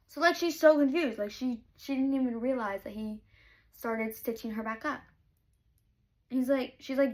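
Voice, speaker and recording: A young woman chatting about a book she is reading for her viewers. She is candid and gushing, and her voice sits on the high side. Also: moderate pace. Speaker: book vlogger. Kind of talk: casual chat while reading aloud.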